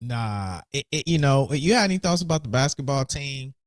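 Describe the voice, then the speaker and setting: A man's voice: medium pitch, expressive, normal speed, no room sound, clean studio sound. A man hosting a casual sports podcast, laid back, repeating words and restarting often. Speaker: podcast host.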